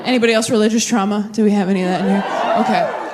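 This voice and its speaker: A woman's voice: mid-range voice, steady tone, racing, very noisy. A woman performing a stand-up comedy set on a club stage, brash and self-deprecating, talking frankly to a live audience.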